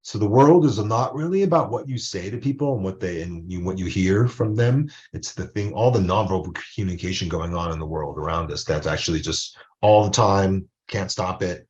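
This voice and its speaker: A man's voice: low voice, moderate pace, few pauses, a little mellow, dull audio. A man lecturing as a college professor in a recorded video lecture. He speaks in a loose, conversational way and often checks in with tag questions.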